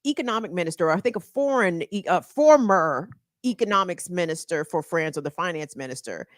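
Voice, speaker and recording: A woman's voice: fairly low pitch, expressive, brisk, no echo, studio quality. A woman co-hosting a morning talk show, chatting emphatically about politics and laughing often. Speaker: co-host.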